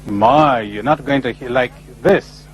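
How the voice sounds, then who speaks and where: A man giving a spiritual talk to a live audience, animated and full of rhetorical questions, often acting out other people's replies. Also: medium pitch, a little slow, a little hiss or hum, poor audio. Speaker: spiritual speaker. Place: lecture before a live audience.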